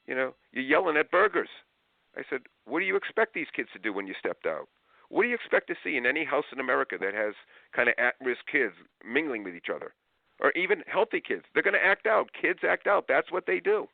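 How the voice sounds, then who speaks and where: A man talking as an interview guest about parenting, telling stories in an animated way and acting out parents and kids in raised voices. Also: a little high, a little fast, creaky, no room sound. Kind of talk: lively interview storytelling. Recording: tinny phone-like line.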